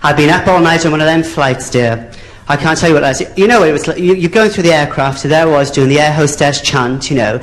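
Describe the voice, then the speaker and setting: A man's voice: a little high, quick pace, slight background noise. A man with a Welsh accent performing a bawdy stand-up routine as a drag comedian, chatty and calling the audience "dear". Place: theatre stage.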